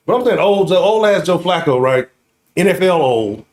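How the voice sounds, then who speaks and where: A man's voice: high voice, very animated, moderate pace. A man in his late thirties hosting a casual sports talk livestream, full of profane trash talk and always checking in with "right?". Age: late 30s. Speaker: sports talk show host.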